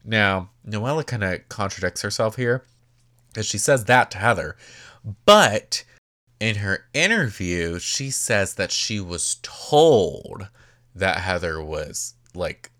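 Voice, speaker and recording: Gossipy recap host, a man, lower voice, casual and profane. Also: animated, slow pace, sharp tone. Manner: chatty and gossipy, swears freely, many "like" fillers.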